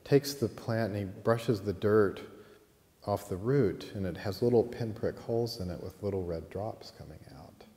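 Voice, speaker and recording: Low-voiced man telling a story in a hall. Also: normal speed. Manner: lively storyteller acting out characters. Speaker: teacher. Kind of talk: storytelling during a lecture. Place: teaching room at a college.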